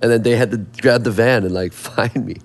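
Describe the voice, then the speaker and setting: A man's voice: mid-range voice, a little fast, gravelly. A man telling stories as an interview guest, rambling and profane, with many restarts. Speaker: songwriter and producer guest. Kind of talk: casual storytelling interview.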